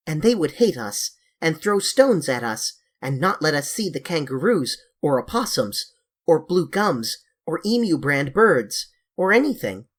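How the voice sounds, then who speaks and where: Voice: mid-range voice, sing-song, a little slow. An audiobook reader voicing a sensible young boy who speaks firmly and matter-of-factly. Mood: indignant. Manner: matter-of-fact, firm.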